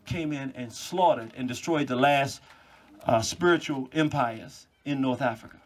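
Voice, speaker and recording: A man giving an animated public lecture to a live audience, telling stories with mocking asides. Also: mid-range voice, moderate pace. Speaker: public speaker. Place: cultural venue before a live audience.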